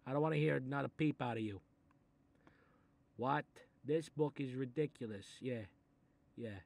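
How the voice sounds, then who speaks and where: A man doing a gravelly Italian-American mob boss. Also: medium pitch, moderate pace, darkish tone. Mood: gruff menacing. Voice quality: gravelly, threatening. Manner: grumbling asides, sudden angry outbursts, swearing. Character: gruff Italian-American mob boss father, menacing and short-tempered. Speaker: mob boss reading a children's book. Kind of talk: comedic animated character voice.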